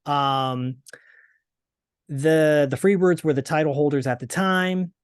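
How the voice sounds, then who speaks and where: A man's voice: fairly high pitch, takes it slowly, smooth, no echo. A man hosting a podcast, casually recapping with frequent fillers and restarts. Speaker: podcast host. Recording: dry close podcast sound.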